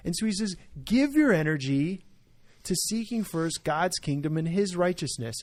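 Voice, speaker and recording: Male pastor, podcast co-host, higher register, emphatic and earnest, chatty tag questions. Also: lively intonation, normal speed. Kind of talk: podcast discussion.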